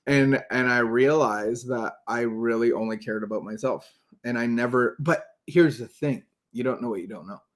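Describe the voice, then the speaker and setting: A man co-hosting a recovery podcast, talking earnestly in a casual chat with many false starts. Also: mid-range voice. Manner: earnest, halting, many restarts. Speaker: podcast co-host.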